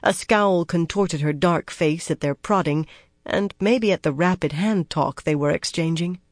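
Audiobook narrator, fantasy prose, measured delivery, middle pitch, dead dry recording. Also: no room sound.

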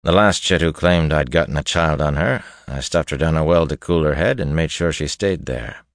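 A man's voice: very deep voice, normal speed, dry recording, studio quality. A man reading a growling hardened killer. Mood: gruff, wary. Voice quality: gruff, growling. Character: menacing hardened male killer, gruff and wary.

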